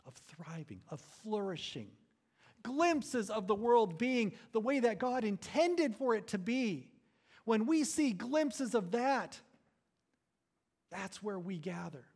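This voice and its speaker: A man delivering a sermon in an unhurried, measured way, with a high voice that moves a lot. He swells loud on key phrases and then falls back to a low, quiet tone. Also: animated. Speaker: pastor.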